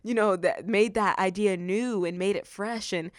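A young adult woman hosting a faith-based podcast, telling stories and acting out what people said in an animated way. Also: mid-range voice, normal speed, dry recording, clean studio sound. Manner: animated storytelling, acts out quotes. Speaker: podcast host.

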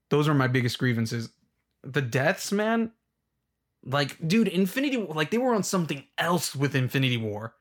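A man's voice: on the high side, animated, normal speed. A young man in a casual rant, rambling and exasperated, full of filler words. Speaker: movie fan ranting.

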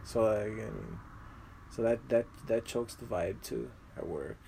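A man's voice: fairly low pitch, a little slow, gravelly, dark tone, slight background noise. A young man chatting casually as a guest, rambling with lots of fillers and slang. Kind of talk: casual chat.

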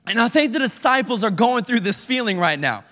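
A man with a very high voice preaches a slangy, animated youth sermon and acts out people's prayers. His voice rings with a long reverb, as in a large hall. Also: a little fast. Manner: casual slangy speech. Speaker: youth pastor.

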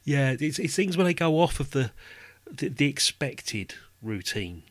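A man's voice: mid-range voice, sing-song, a little slow, dry recording. A man in casual conversation, talking in a rambling way with frequent restarts and lots of "you know". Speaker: podcast guest. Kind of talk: casual chat.

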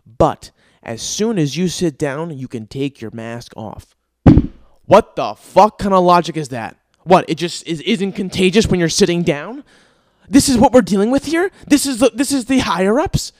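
A man's voice: high voice, expressive, moderate pace, dry recording, clean studio sound. A young man hosting his own podcast, telling stories in an exasperated, profane, ranting way with sighs and laughs between bits. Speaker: podcast host. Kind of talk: casual comedic monologue.

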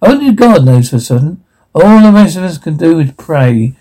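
A man's voice: on the high side, big pitch swings, moderate pace, warm tone. A man reading the part of a witty, sardonic nobleman aloud from a script, dry and mocking. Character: witty sardonic dwarf nobleman, adult male. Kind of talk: amateur read-through of a script.

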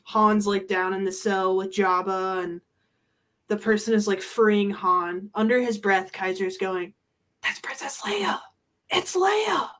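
A woman hosting a podcast in casual chat, excitable and quick to laugh. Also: medium pitch. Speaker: podcast host.

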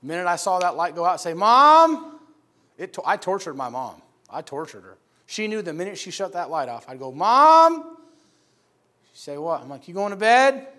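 A middle-aged man from upstate New York delivers a sermon as a lively personal story. His voice sits fairly high for a man. He swings between loud, shouted lines for the people in his story and quiet, hushed passages when things turn serious. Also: fast talker, hardly any pauses. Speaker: preacher.

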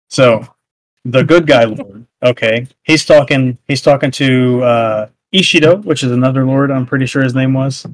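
A man's voice: mid-range voice, no echo. Man, podcast co-host, casual rambling chat, filler-heavy, dry close sound. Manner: rambling, full of fillers and restarts.

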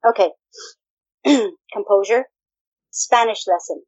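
A woman's voice: medium pitch, extremely slow, a little mellow, husky, no echo. A woman co-hosting a casual podcast, playful and teasing, laughing and swearing, slipping Spanish phrases into her talk. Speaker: podcast co-host. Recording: dull lo-fi recording.

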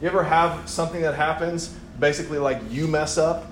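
A young man preaching a sermon in a church, animated and playful, acting out voices as he tells the story. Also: a little high, fairly quick, a little hiss or hum. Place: church hall. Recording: echoey church room, faint ambience.

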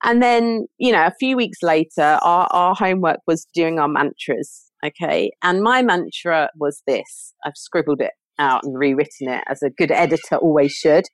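A woman's voice: deep voice, normal speed, few pauses, no echo. A woman speaking as a podcast guest in a casual chat, earnest and reflective, often restarting her sentences.

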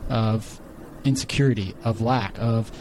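A man's voice: fairly low pitch, measured pace, darkish tone, slight background noise, low-quality recording. Earnest man musing at length. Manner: earnest, searching, speaks in long winding phrases. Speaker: podcast guest, life coach. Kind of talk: reflective conversational explanation.

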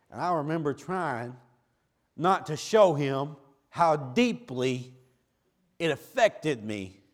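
A middle-aged male preacher delivering a sermon, dropping to slow, quiet words and then rising to loud hollering. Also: lowish voice.

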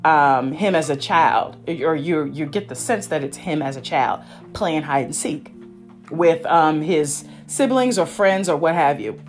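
A woman's voice: low-pitched, a little slow, faint music behind. A woman hosting a solo podcast, chatting casually and rambling off on tangents with frequent self-interruptions. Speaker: podcast host. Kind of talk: casual solo review chat.

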